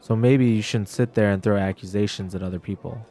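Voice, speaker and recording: A man voicing Suzette, a curt, dismissive adventurer woman, in his own low voice in a tabletop game. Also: steady tone, brisk, mellow, natural voice. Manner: dismissive, dry.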